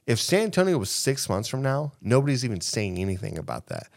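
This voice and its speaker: A man, co-hosting a podcast in casual chat, talking in an animated, emphatic way and repeating himself as he makes his point. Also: medium pitch, quick pace, vocal fry. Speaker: podcast co-host.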